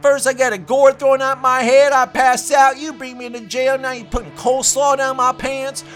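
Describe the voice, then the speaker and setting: A man's voice: extremely high pitch, flat delivery, moderate pace, fairly bright tone, faint music behind. A man giving a rambling, boastful comic monologue as a self-proclaimed prophet.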